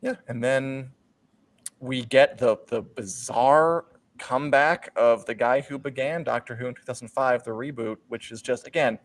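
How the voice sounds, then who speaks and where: A man co-hosting a podcast in relaxed conversation. He has a dry, teasing way of talking. His voice sits at an ordinary middle pitch. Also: moderate pace. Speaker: podcast co-host. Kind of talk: casual chat.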